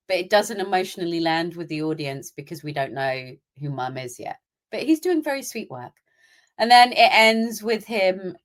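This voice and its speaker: A young British woman co-hosting a podcast, chatting in an opinionated way and acting out little asides. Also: on the low side. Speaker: podcast co-host. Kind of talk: casual chat.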